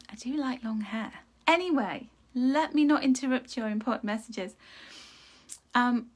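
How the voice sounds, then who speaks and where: Woman, card reader, live chatty reading, drifts soft and slow on affirmations. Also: fairly high pitch. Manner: chatty, warm-hearted, laughs and reacts to viewer comments.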